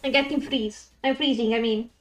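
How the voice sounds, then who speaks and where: High-voiced excitable woman streamer. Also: normal speed, distant mic. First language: Italian. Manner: excitable, swears, laughs often, chatty with viewers. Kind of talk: casual live-stream chat while gaming.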